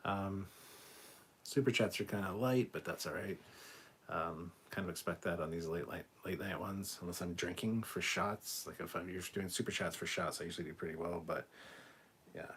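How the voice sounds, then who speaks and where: A man's voice: sits low, normal speed, fairly bright tone, a little hiss or hum. A tired man hosting a late-night livestream, reading viewer comments aloud and answering them frankly, swearing freely. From Canada. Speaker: livestream host. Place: warm room at home.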